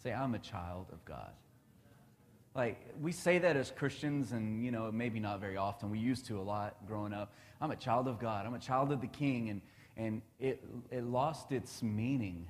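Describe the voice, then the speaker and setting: A man's voice: lowish voice, moderate pace, in a large hall. A man in his thirties giving a casual devotional talk, chatty and laughing often.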